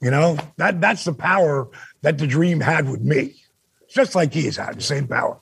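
An older man, a former wrestler, telling stories as a guest on a casual podcast. He is animated and swears freely. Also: fairly high pitch, normal speed, gravelly, husky, no echo. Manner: animated, swears freely, acts out quoted dialogue.

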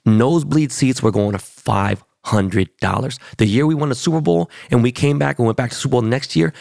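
A man's voice: mid-range voice, fairly quick, creaky, a little mellow, no echo, clean studio sound. A man hosting a podcast, telling a boastful, profane story in casual chat. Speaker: podcast host.

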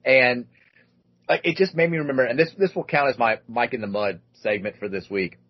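Male podcast host, 30s, husky, animated storyteller, muffled audio. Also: medium pitch, fairly quick. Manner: animated storyteller, acts out other voices with lots of "like". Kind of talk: casual storytelling chat.

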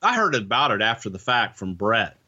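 A former wrestling insider, guesting on a podcast, rambles casually about backstage wrestling politics, his talk full of "you know" and restarts. His lowish voice swings widely in pitch, runs a little fast, and has a sharp edge. The recording sounds dull and lo-fi.

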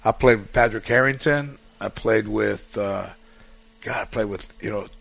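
A man with a gravelly, fry-laden voice spins long, rambling anecdotes, circling back and restarting his sentences. He talks in a relaxed, casual way as a guest on a chat show. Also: fairly low pitch, moderate pace.

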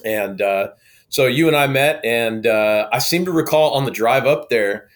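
A man from Oklahoma, a guest telling a story in a lively, casual way. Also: medium pitch, normal speed. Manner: lively, acts out quoted dialogue.

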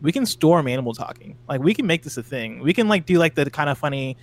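Fast-talking podcast co-host. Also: male voice, a little high, lively intonation. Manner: fast, chatty storytelling with fillers. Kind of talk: casual chat.

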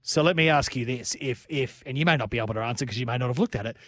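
A man hosting a casual motorsport talk, asking quick questions and laughing often. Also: mid-range voice, fairly bright tone, dry recording, clean studio sound. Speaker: host. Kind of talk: casual chat.

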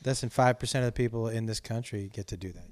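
A man's voice: fairly low pitch, fast talker, darkish tone. A man hosting a casual family podcast chat, chatty and teasing, often restarting his sentences. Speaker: podcast host.

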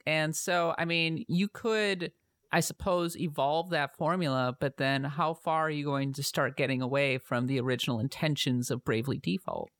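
A woman co-hosting a podcast in casual chat, making measured, thoughtful comments. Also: low voice, fairly even intonation, dry recording, studio quality. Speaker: podcast co-host.

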